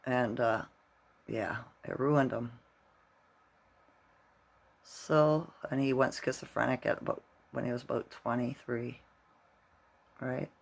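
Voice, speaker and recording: Gravelly middle-aged man rambling to camera. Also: mid-range voice, steady tone, slow pace, pauses often. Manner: rambling storyteller, constantly tags "right?". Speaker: vlogger. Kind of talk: casual rambling vlog.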